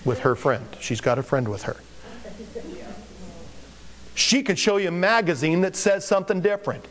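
Male pastor, fairly high voice, casual, joking delivery in a sermon. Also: sing-song, moderate pace, a bit bright. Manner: conversational, joking preaching.

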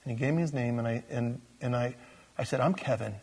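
A man, a pastor, telling a story during a casual, animated sermon in a church. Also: medium pitch, fairly quick.

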